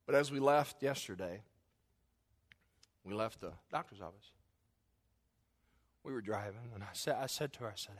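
Folksy preacher, loud then hushed. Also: male voice, on the low side, moderate pace, pauses often. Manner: acts out quotes in his story. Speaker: pastor. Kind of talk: sermon.

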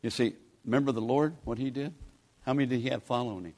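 A man's voice: medium pitch, fast, darkish tone. A man, preaching a sermon in a folksy, pleading, conversational way as a guest preacher. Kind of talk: sermon with altar call.

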